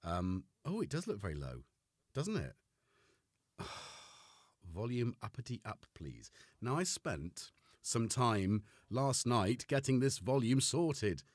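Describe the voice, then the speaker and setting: A man with a medium-pitched, sing-song voice speaks slowly in a dry recording. He's hosting a casual livestream from his home studio, rambling and poking fun at himself while greeting his chat members by name.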